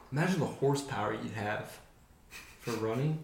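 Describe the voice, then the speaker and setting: A man's voice: medium pitch, measured pace, vocal fry. A young man co-hosting a podcast, chatting in easygoing, jokey banter. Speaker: podcast co-host. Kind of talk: casual chat. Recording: roomy echo.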